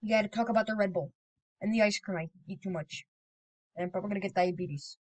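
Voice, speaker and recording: Woman, gaming commentary, rambling, excitable, sudden loud outbursts, medium pitch. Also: fast, poor audio. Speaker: gaming video creator. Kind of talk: casual gameplay commentary.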